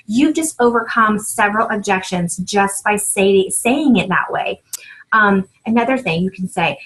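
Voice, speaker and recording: A woman in her thirties giving an upbeat coaching talk to new sellers, with frequent "right?" and "um", acting out sample sales pitches. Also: normal speed, fairly bright tone, rough recording. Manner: upbeat, repeats points with "right?" and "um". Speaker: team leader training new sellers.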